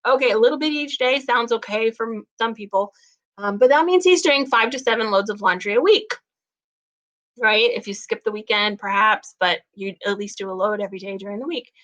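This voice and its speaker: A middle-aged woman hosting a casual talk, chatty and expressive, acting out little quoted voices as she goes. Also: medium pitch, fairly quick, muffled recording. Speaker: host.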